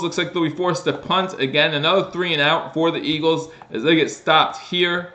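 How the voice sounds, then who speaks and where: Bright-voiced man calling football plays. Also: a little high, normal speed, few pauses, reverberant, highs cut off. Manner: casual, with fillers and restarts, rising excitement on plays. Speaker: host doing live play-by-play. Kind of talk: live stream play-by-play commentary.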